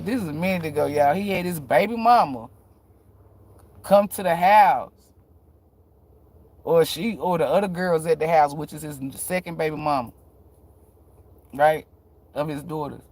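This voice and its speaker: A man talking casually to his viewers, telling a story in a blunt, profane, frank way with frequent laughs. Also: fairly high pitch. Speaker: tarot reader vlogger.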